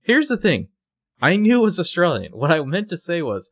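A man's voice: high-pitched, huge pitch swings, normal speed, fairly bright tone. A man co-hosting a podcast, recapping a show in casual chat, swearing freely and laughing often. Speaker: podcast co-host.

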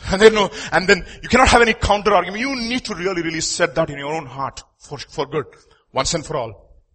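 A high-voiced man delivers a sermon. His voice is bright and a little husky, and it rises and falls widely as he presses each point. He drops to quiet asides between the loud, emphatic lines. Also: a little fast. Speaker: preacher.

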